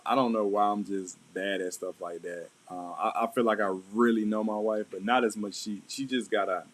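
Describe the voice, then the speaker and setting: A man's voice: fairly low pitch, poor audio. A middle-aged man, talking through marriage advice in a loose, conversational way and often checking in with "right?". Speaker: vlog host. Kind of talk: casual advice talk.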